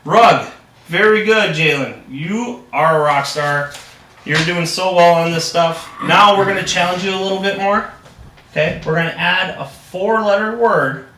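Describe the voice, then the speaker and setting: A man's voice: high-pitched, sharp tone. A young man acting as a reading tutor in a practice lesson, upbeat and encouraging, with frequent praise. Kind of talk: practice lesson role-play. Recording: echoey room, distant mic.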